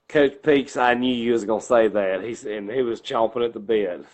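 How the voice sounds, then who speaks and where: A middle-aged man with a Southern accent, co-hosting a casual chat and telling loud, profane stories. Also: fairly even intonation, normal speed. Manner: loud, profane storytelling, acting out his own coaching lines in a deep growl. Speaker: co-host.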